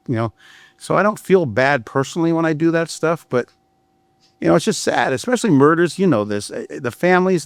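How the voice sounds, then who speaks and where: A man's voice: medium pitch, no echo. A middle-aged man, a criminal defense attorney, telling blunt, profane stories in a candid podcast conversation. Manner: blunt and profane, storytelling with frequent restarts.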